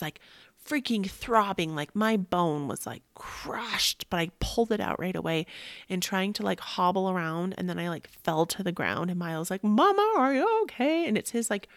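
A woman in her thirties hosting a podcast, telling a personal story in an animated way, with gasps and acted-out quotes. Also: lowish voice, creaky, no room sound. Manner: animated, gasping, acts out quotes. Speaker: podcast host.

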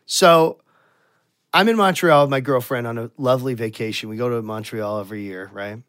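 A man's voice: medium pitch, a little fast, a bit bright, clean tone, no echo, studio quality. A man telling a crude story in casual podcast chat, swearing a lot and laughing as he goes.

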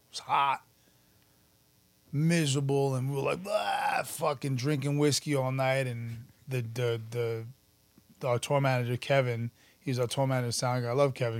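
A man, telling stories about his past in an animated, profane, casual interview. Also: mid-range voice, no room sound. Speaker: podcast guest, musician and actor.

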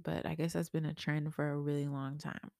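A woman's voice: flat delivery, fairly quick, creaky, darkish tone, no echo, clean studio sound. A young woman co-hosting a casual chat, a little stuffy and sniffly, who laughs often. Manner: laughs often, acts out her daughter in a high voice. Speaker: podcast co-host.

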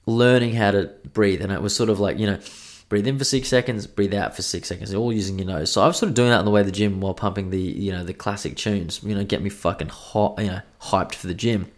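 A young man hosting a podcast, congested from a cold, rambling casually and swearing a lot. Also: fairly low pitch. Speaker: podcast host. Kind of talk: casual solo podcast chat.

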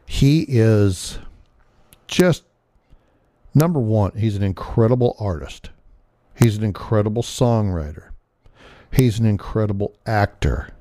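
A man's voice: fairly low pitch, mellow, no room sound, clean studio sound. A man in his sixties hosting a podcast, telling personal stories in a casual, earnest way with some swearing. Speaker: podcast host.

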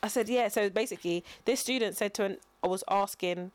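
Fast-talking woman. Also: mid-range voice. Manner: animated storytelling, quotes people in emphatic raised tones. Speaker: podcast co-host; teacher. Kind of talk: casual chat.

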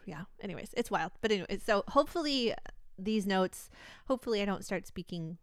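A woman's voice: medium pitch, lively intonation, a little fast, no echo, clean studio sound. A woman co-hosting a casual podcast, chatting in a rambling way and laughing often as she tells stories. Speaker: podcast co-host. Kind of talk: casual chat.

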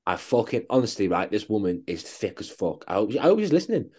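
A man talks in a fairly low voice on a casual coaching podcast. He rants bluntly and swears freely. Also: very animated, fast, dark tone, husky. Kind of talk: casual chat.

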